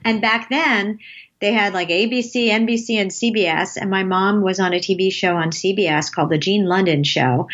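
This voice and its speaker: On a lo-fi recording, a woman with a voice on the low side laughs often while telling rambling stories as an interview guest. She is in her late fifties and works as an advertising creative.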